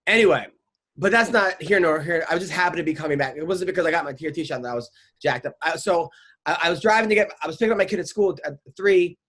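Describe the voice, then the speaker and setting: A middle-aged man hosts a podcast in loose, casual chat, his voice sitting notably high for a man. He rambles through his stories, stammering and restarting, and swears freely along the way. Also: quick pace, a bit bright, breathy edge. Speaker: podcast host.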